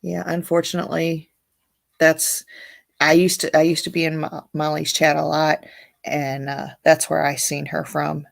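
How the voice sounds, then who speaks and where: A woman's voice: low-pitched, little pitch movement, a little slow, creaky. A woman hosting a casual livestream, reading viewer comments aloud and chatting bluntly, with frequent swearing and laughter. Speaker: livestream host.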